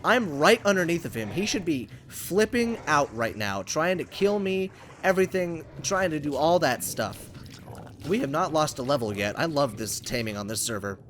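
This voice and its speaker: A young man casually commenting on his gameplay for viewers, excitable and rambling, talking to the creatures he meets. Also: on the high side, moderate pace, a little hiss or hum. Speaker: gaming channel host. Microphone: USB condenser microphone.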